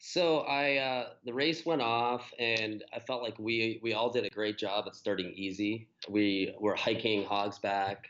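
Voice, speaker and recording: A man's voice: fairly low pitch, steady tone, a little slow, few pauses, fairly bright tone, muffled recording. A man, a guest on a running podcast, telling his race story in a casual, rambling way with many fillers and restarts.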